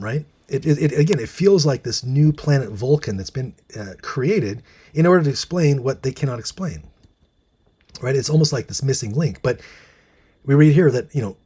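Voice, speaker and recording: Husky guy rambling through a casual talk, lots of ums and restarts. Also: mid-range voice, a little mellow. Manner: musing, many fillers and restarts, reads from articles. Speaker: host. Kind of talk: casual monologue commentary.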